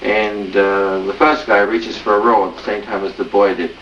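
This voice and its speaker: A middle-aged man tells a joke in a rambling way, stacking up filler words and repeated "he said". His voice is on the low side. The recording is distant, echoey and dull, with noise underneath. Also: level tone, normal speed, fairly bright tone. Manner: rambling storyteller, many "he said" and "uh"s. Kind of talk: telling a joke. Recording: echoey lo-fi home video from far off.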